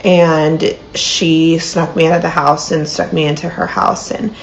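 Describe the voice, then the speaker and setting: A woman's voice: low voice, fairly even intonation, a little slow, creaky, a little hiss or hum, rough recording. A woman in her thirties telling a personal story to camera, earnest and full of "like" and "um". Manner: earnest, many fillers like "like" and "um". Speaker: storyteller in a played clip.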